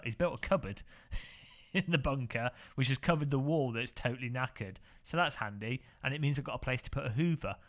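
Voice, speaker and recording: A man's voice: mid-range voice, a bit bright. A man from England, chatting casually on a sim racing live stream, rambling and joking as he corrects himself.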